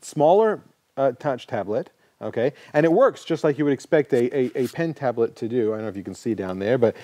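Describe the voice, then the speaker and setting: A man's voice: mid-range voice, animated, brisk, warm tone, no echo. A man co-hosting a casual technology show, joking and rambling as he demonstrates a gadget and corrects himself along the way. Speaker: co-host. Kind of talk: casual tech show banter.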